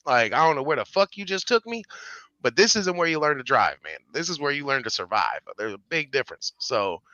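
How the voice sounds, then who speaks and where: A man co-hosting a podcast, joking in an animated, profane way with streetwise slang. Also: mid-range voice, brisk, no echo, muffled recording. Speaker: podcast co-host. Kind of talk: casual banter.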